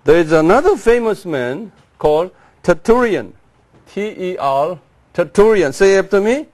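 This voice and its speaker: A man lectures to a class in a fairly high voice. He moves slowly and deliberately, drilling pronunciations and asking listeners to repeat after him. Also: big pitch swings, darkish tone. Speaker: Bible teacher.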